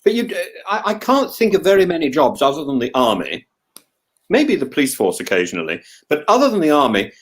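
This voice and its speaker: A man's voice: fairly high pitch, huge pitch swings, fairly quick. A middle-aged man from England, co-hosting a casual chat, who keeps restarting and repeating words as he talks. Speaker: co-host.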